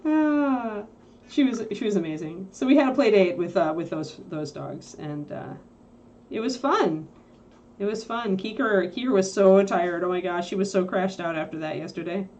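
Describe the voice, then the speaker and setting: A woman's voice: mid-range voice, animated, normal speed, darkish tone. A woman hosting a casual livestream about painting miniatures. She chats in a rambling way and keeps breaking off to talk to her puppy. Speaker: miniature painting stream host.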